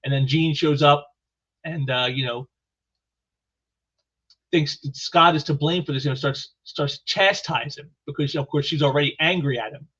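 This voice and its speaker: Guy rambling about comics, lots of you know, kinda higher voice, muffled recording. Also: moderate pace, a bit bright, breathy edge. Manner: rambling, heavy with "you know" fillers and restarts. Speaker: comic book reviewer. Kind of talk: casual solo commentary.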